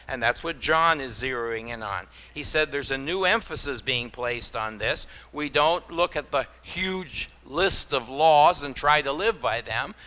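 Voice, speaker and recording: A man preaching a sermon in a bright, forward voice. He talks in a folksy way, tossing in homespun exclamations and acting out little stories for his congregation. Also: on the high side, clean tone. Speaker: pastor.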